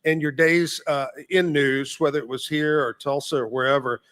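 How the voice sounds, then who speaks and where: Chatty higher-voiced male radio host. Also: steady tone, normal speed, a bit bright. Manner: chatty, laughs often, reads off music history notes. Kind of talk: casual on-air chat.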